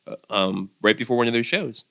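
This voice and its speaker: A man's voice: mid-range voice, vocal fry, fairly bright tone. A middle-aged man co-hosting a podcast in casual chat, talking bluntly, cursing freely and chiming in often. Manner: blunt, profane, quick to chime in. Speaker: podcast co-host.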